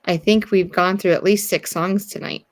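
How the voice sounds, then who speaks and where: A woman's voice: mid-range voice, steady tone, normal speed. A woman guesting on a casual livestream, talking in a rambling way with lots of fillers. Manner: talkative, rambling, many fillers like "like". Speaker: guest co-host.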